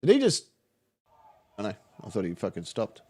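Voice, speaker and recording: A man's voice: lowish voice, wildly swooping pitch, moderate pace, a little mellow, husky. An Australian man hosting a live show, giving crude, sarcastic commentary on protest footage and swearing freely. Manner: crude, mocking, swears freely, laughs at own jokes.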